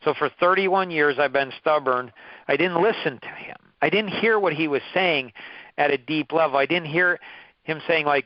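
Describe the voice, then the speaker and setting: A man's voice: a little high, lively intonation, normal speed, no room sound, dull audio. A man in his fifties leading a course, telling personal stories in an emphatic, repetitive way, often restarting his phrases. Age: 50s. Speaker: course leader. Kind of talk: motivational talk with personal stories.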